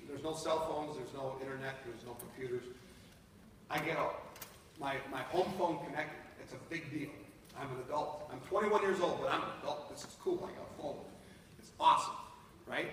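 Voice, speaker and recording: A man in his fifties from North Dakota, telling a personal story live to an audience in an animated way, speaking to them directly. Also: fairly high pitch, a little hiss or hum. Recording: echoey hall from far off.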